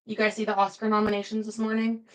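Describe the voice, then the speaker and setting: A woman's voice: mid-range voice, monotone, fast, a bit bright, rough recording. A young woman streaming live, chatting casually with her viewers, laughing often and reading out their comments. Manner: chatty, giggly, reads chat aloud.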